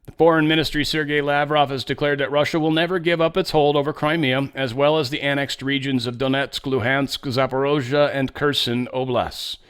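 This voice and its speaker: A man's voice: medium pitch, fairly even intonation, fairly quick, few pauses, fairly bright tone, clean tone. A man hosting a casual political commentary monologue, blunt and rambling, often stammering and repeating words. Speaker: host.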